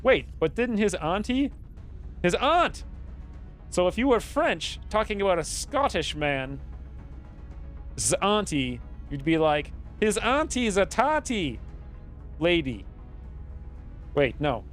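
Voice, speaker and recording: A man's voice: high voice, animated, slow, long pauses, faint music behind. A man streaming a strategy game, thinking aloud in a rambling, playful way as casual gaming commentary.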